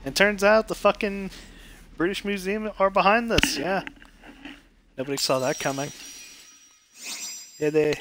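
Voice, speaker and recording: A man's voice: fairly high pitch, background noise. A man streaming a game, giving crude, joking commentary full of swearing. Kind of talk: comedic gameplay commentary.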